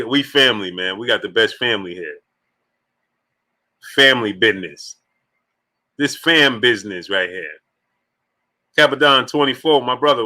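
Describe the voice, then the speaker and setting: A man's voice: mid-range voice, bright, forceful tone. A man hosting a sports live stream, reading viewer messages aloud, laughing often until he is in tears. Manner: laughs often, emotional, slangy. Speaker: sports channel host. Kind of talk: live-stream chat, reading super chats.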